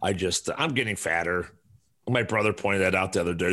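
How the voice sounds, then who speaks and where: A man in his forties hosting a podcast, talking casually in a profane, rambling way and telling animated stories. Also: sits low, a little fast. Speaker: podcast host.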